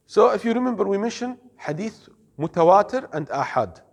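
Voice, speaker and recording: A man's voice: high voice, very animated, in a large hall. A man teaching an Islamic studies class, explaining carefully, quizzing his students and mixing in Arabic terms. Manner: explains slowly, asks the class questions, mixes in Arabic words. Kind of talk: classroom lecture.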